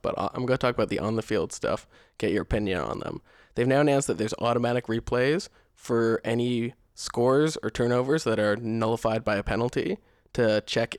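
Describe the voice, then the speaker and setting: A young man co-hosting a podcast in casual chat, relaxed and rambling, with many fillers and restarts. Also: fairly low pitch, no echo, clean studio sound. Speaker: podcast co-host.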